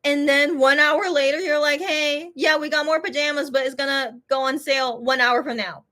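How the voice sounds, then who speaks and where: Woman, slightly high voice, chatty and exasperated storyteller, casual monologue. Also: moderate pace. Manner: animated, exasperated retelling with restarts. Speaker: shop owner telling a story.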